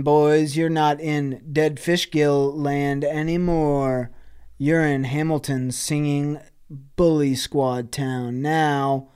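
A man co-hosting a comedy podcast in a studio, improvising a silly gang story with laughs and quick asides. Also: fairly high pitch, darkish tone, clean tone. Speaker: podcast co-host. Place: podcast studio, hot room. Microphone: studio microphone.

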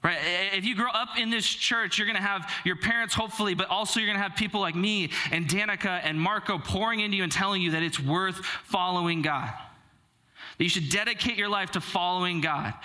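A man's voice: sits high, brisk, sharp tone. A young man preaching a sermon to a church, telling a self-deprecating personal story in a conversational way with frequent filler words. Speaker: pastor.

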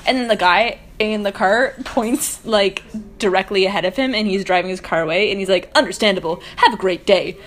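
A young woman co-hosting a casual podcast, giggly and animated as she tells stories. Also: medium pitch, fairly quick, hardly any pauses. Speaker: podcast co-host. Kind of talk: casual chat.

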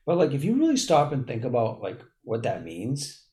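A man talks casually on a podcast, in a voice of ordinary middle pitch. He rambles, restarts his sentences and leans hard on "like" and "literally". Now and then he swears. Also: huge pitch swings, moderate pace, dark tone. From Boston area.

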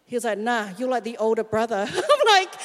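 A woman's voice: fairly high pitch, quick pace, a little hiss or hum. Candid woman preaching in a hall. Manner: candid, self-mocking, lively storytelling. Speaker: speaker at a church talk. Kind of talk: personal sermon story. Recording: long hall reverb.

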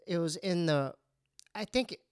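A man's voice: sits high, unhurried, clear, resonant tone, no room sound, studio quality. A man telling a comic personal story in casual chat, stammering and poking fun at himself. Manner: animated, stammering, self-mocking.

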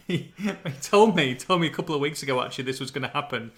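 A man's voice: a little high, animated, quick pace, fairly bright tone. A man hosting a casual football podcast, chatty and joking as he tells stories. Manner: chatty, joking, often laughing while telling stories. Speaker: podcast host.

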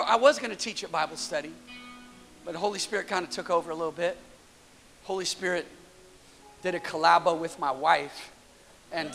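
A man in his thirties preaching a sermon in a church, energetic and storytelling, often repeating words as he builds a point. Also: sits high, vocal fry. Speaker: pastor.

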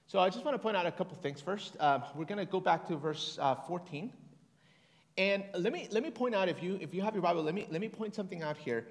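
Speaking quickly in a high-sitting voice with lively intonation, this preacher gives a casual, conversational sermon. He reads scripture aloud and leads the congregation's responses, all echoing with a large hall's long reverb.

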